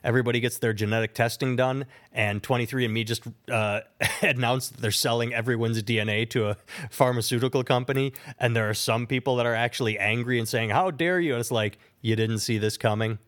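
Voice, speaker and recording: A man's voice: mid-range voice, flat delivery, brisk, a bit bright. Opinionated man ranting on a podcast. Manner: opinionated, ranting with mocking quotes. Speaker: podcast co-host. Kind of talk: casual chat.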